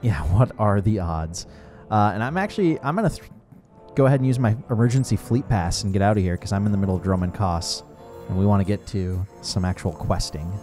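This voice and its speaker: A man's voice: on the low side, lively intonation, fairly quick, mellow, faint music behind. A man casually talking through a video game as co-host, good-humored and loose, often restarting his sentences. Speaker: co-host showing gameplay. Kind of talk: casual gameplay commentary.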